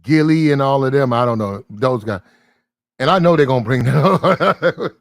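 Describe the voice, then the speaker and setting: A man's voice: mid-range voice, expressive, normal speed, vocal fry, no echo. Man, livestream host, blunt and disbelieving, swears casually; dry, close sound. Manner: blunt, incredulous, swears freely. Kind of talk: casual commentary.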